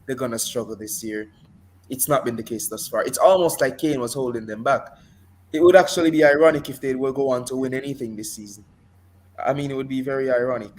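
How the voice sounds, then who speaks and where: A man co-hosting a casual sports podcast, telling animated stories with playful exaggeration. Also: mid-range voice, fairly quick. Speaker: podcast co-host. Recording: faint background noise.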